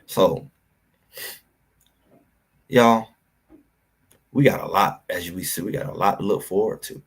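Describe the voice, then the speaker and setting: A man hosting a livestream and ranting about college football, addressing his chat directly in an animated, preachy way. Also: low-pitched, slow pace, creaky, slightly rough. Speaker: sports talk host. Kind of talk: livestream sports commentary.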